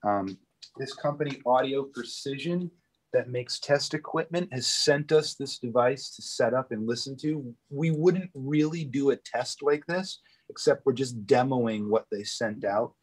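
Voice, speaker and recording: A man of ordinary middle pitch walks viewers through a microphone factory indoors. He explains the engineering in a casual, conversational way, often pausing with "um" and checking in with "right?". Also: slightly rough, low-quality recording. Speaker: factory tour guide. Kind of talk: live virtual factory tour explanation.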